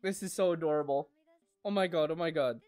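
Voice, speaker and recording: A woman hosting an anime reaction, moving from soft cooing to loud excited squeals and swearing freely. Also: deep voice, a little fast, soft background music.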